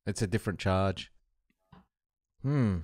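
A man's voice: deep voice, slow pace, a little mellow, dry recording, studio quality. A man co-hosting a podcast who adds short reactions and interjections during a casual chat. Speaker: podcast co-host.

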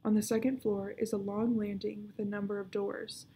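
A woman librarian reading a children's book aloud, narrating in a hushed, often whispered voice. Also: mid-range voice, level tone, normal speed, breathy edge.

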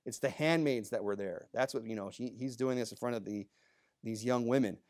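Speaking fairly quickly, a male pastor gives a church sermon that feels like casual conversation, full of "you know" asides. Loud, emphatic moments give way to soft, low remarks and back again.

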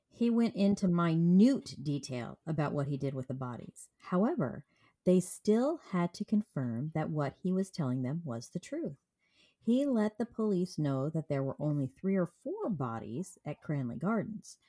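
A woman's voice: sits low, sing-song, unhurried, dark tone. A woman with a cold co-hosting a true crime podcast, reading case notes and adding dry jokes. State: has a cold. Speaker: podcast co-host. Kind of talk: casual true crime chat.

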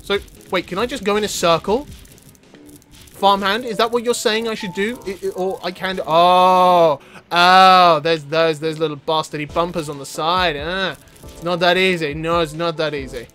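Yelping gaming commentator. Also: male voice, high voice, moderate pace, soft background music. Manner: animated, yelping, joking to viewers. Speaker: gaming YouTuber. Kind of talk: gameplay commentary.

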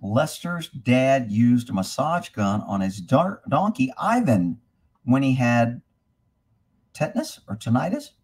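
Blunt ranting man, slightly husky. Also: mid-range voice, sing-song, slow, a little mellow. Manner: blunt, ranting, swears freely; reads viewer comments aloud between rants. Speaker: livestream host answering horse questions. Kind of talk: casual live-stream rant.

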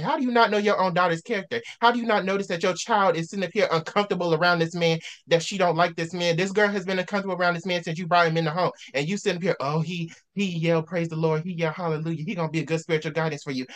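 A man with a somewhat high-pitched voice hosts a casual book discussion. He rants with real heat, circling back to the same phrases again and again to drive his point home. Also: a bit bright. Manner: heated ranting, repeats himself for emphasis. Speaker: host.

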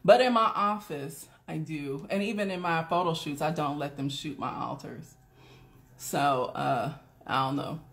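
A woman's voice: sits low, measured pace. A woman hosting a casual live stream, talking bluntly to her viewers with plenty of swearing and frequent laughter. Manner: blunt, profane, laughs often; chatty, talks straight to viewers. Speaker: doula and live stream host.

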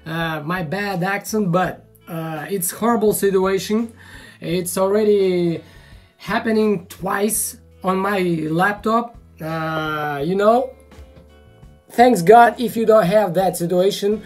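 A video tutorial maker with a mid-range voice walks through a software fix in a casual tutorial, her non-native English halting and full of fillers. She gets frustrated and swears now and then, over soft background music.

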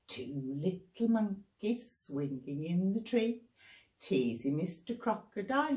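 A librarian from England leads small children in action rhymes, her warm voice slow, playful and sing-song. She drops to whispers and climbs to high squeals, and the room is echoey.

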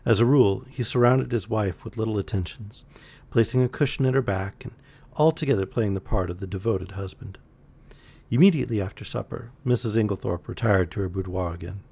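A man reading a novel aloud on a live stream, relaxed, with the odd slip and restart. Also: fairly low pitch, brisk, creaky, husky. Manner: relaxed, with occasional slips and restarts. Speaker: audiobook reader on a live stream. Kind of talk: reading a novel aloud, voicing characters lightly.

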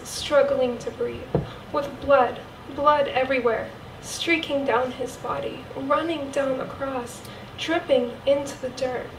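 A woman's voice: high-pitched, background noise. A woman playing a grieving follower of Jesus, reciting an earnest first-person monologue in a church cantata. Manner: earnest storytelling, vivid and measured. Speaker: cantata narrator. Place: church sanctuary. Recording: echoey church from far off.

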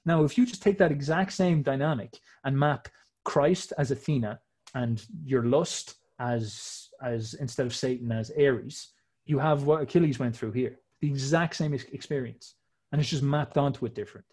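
A man's voice: mid-range voice, moderate pace, a little mellow, husky. A man talking casually and emphatically, explaining old myths in slangy, swearing speech.

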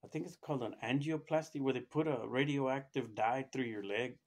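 A middle-aged man casually telling a personal story, rambling with restarts and acting out what others said by raising his pitch. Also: fairly quick, darkish tone. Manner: rambling, acts out quoted voices with raised pitch, many restarts. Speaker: storyteller recounting his own experience.

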